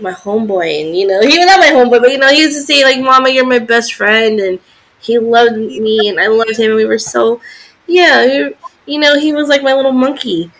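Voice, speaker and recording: A woman's voice: on the high side, a bit bright. A woman in her forties, co-hosting a podcast in casual chat, talking in a chatty, sympathetic way with many fillers. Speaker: podcast co-host.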